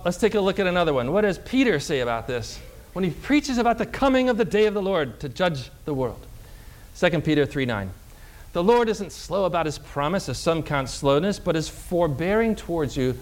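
A man preaching a sermon as a Lutheran pastor, reading verses slowly and asking the congregation questions that he answers himself. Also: sits high. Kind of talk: sermon teaching from scripture.

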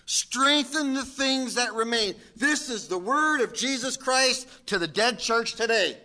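A middle-aged man preaching a sermon in a fairly high, bright voice. He speaks slowly and emphatically and lifts into shouted exhortations. His delivery is deliberate and unhurried. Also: lively intonation. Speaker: pastor.

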